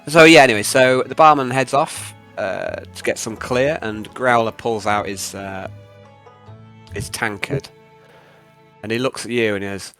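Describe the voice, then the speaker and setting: A man's voice: mid-range voice, unhurried, fairly bright tone, faint music behind. A man narrating as game master of a tabletop game, hesitant with many fillers.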